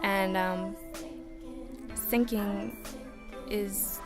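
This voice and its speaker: A woman's voice: medium pitch, drawn-out words. A young woman, a singer-songwriter, talking casually in an interview with many fillers. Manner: relaxed, chatty, lots of "like" fillers. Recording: music playing underneath.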